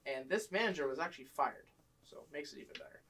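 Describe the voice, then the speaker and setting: A young man with a notably high-pitched voice tells stories in casual chat. He acts out other people's lines with bursts of loudness and animation. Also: fast, slight background noise, poor audio. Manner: animated, acts out customers and boss in raised voice. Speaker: storyteller guest.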